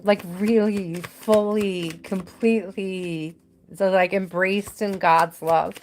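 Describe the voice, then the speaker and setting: A woman giving a live tarot reading, gentle and emotional, repeating her words softly. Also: medium pitch, fairly even intonation, slow pace, slight background noise. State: tearful at times. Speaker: tarot reader.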